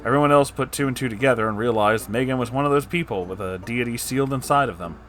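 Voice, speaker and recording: A man's voice: medium pitch, fast, fairly bright tone, soft background music. A man reading a story aloud and breaking off for casual, sarcastic, profane asides. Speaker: story narrator.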